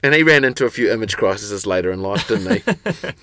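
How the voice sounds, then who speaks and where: A young man co-hosting a podcast in a studio, telling rambling stories with dry, deadpan humor. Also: fairly low pitch, a little fast, no echo. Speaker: podcast co-host. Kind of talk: casual chat. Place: recording studio.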